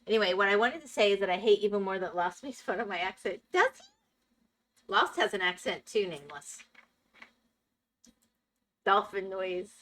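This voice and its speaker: Casually chatting with viewers during a Minecraft live stream, a woman laughs often. Her mid-range voice is fairly bright, moving at a moderate pace with long pauses.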